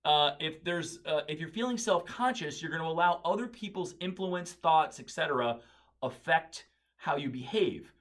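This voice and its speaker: A man with a fairly high voice talks through an idea in a casual monologue. He hosts a daily quote video and thinks aloud as he goes, stopping to search for words and correct himself. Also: lively intonation, normal speed, fairly bright tone.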